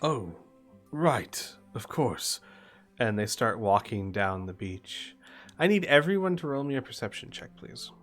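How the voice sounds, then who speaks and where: A man narrating a tabletop game as game master, lively and animated. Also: mid-range voice, unhurried, faint music behind.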